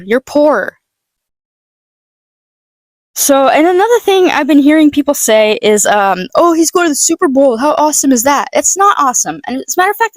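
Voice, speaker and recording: A woman's voice: sits high, no echo. A young woman giving a blunt, sarcastic, profane political rant in a casual vlog, stumbling and restarting often. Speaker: political vlogger. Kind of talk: casual ranting monologue.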